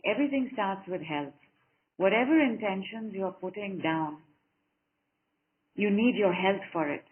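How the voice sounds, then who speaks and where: A woman coaching a group over an online call, encouraging and affectionate, repeating short phrases in a steady rhythm. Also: mid-range voice, measured pace, long pauses, a little hiss or hum. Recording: narrow phone-like call audio.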